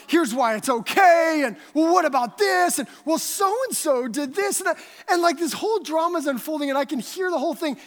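A woman giving conversational Bible teaching, telling stories in an animated, chatty way. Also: high voice. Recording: long hall reverb.

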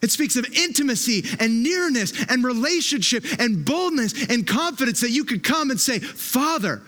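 A man's voice: very high voice, expressive, normal speed, fairly bright tone. A man preaching a sermon with an impassioned, emphatic delivery, often repeating his words as he presses a point.

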